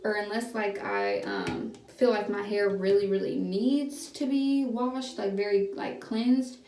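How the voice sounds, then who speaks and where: A woman's voice: mid-range voice, expressive, measured pace, a little mellow. A young woman, chatting casually through a hair tutorial, rambling with lots of fillers and restarts, filmed on a phone at home. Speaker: hair vlogger. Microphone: phone camera. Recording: roomy, slightly distant phone recording with faint background hum.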